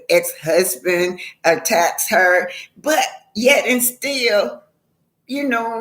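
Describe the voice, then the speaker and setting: A woman talking casually on her own live stream, repeating her points for emphasis and laughing often. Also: lowish voice. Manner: warm greetings, emphatic repetition, slow drawn-out phrasing. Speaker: vlogger.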